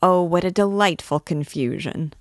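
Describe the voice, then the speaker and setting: A woman's voice: lowish voice, normal speed, no echo, clean studio sound, natural voice. A woman reading aloud, voicing a brash, drunken young male student who boasts and swaggers. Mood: boisterous. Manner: boisterous, swaggering speech.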